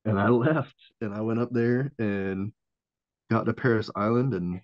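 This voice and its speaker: At a measured pace and fairly low pitch, this former Marine corpsman in his thirties tells a casual story as a podcast guest. He swears freely, performs the voices of people he quotes and laughs a lot; the lo-fi recording sounds dull and dry, with no room sound.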